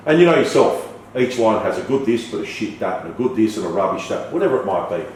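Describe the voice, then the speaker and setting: Low-voiced man telling stories. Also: fast talker. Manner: animated storyteller who swears and acts out dialogue. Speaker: podcast guest. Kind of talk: casual storytelling interview. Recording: echoey room, from far off, faint noise.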